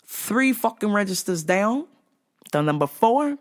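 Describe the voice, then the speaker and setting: A woman's voice: sits low, expressive, measured pace. Profane laughing woman vlog host. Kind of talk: casual storytelling.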